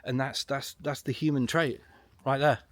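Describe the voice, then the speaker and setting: A middle-aged man giving a solo commentary to camera, emphatic and ranting, repeating his points with long pauses. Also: mid-range voice, steady tone. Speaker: online political commentator.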